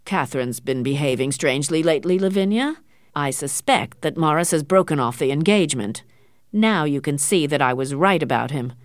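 A woman reading the part of a stern, cold older man, a wealthy doctor and father, speaking slowly and coldly. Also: deep voice, lively intonation, no room sound, clean studio sound. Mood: disdainful. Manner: slow, cold and measured. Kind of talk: audiobook character reading.

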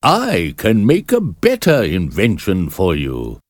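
A man voicing an old, arrogant Arabian astrologer in a storybook reading, speaking in a measured, self-assured way. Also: lowish voice, wildly swooping pitch, dry recording, studio quality, exaggerated voice.

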